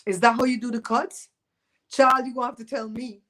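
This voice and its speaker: Her voice is a little high, steady and fairly quick, with a sharp edge, as this fifty-something woman from Belize chats casually with her livestream viewers at home. She comes across as loose, teasing and opinionated. The recording is low quality.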